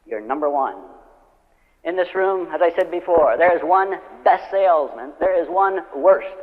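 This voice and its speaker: A man giving a live motivational speech, telling stories and acting out the people in them. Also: high-pitched. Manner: storytelling, acting out quoted customers and friends. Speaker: motivational speaker. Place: large hall with a live audience. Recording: old lo-fi record of a speech in a reverberant hall.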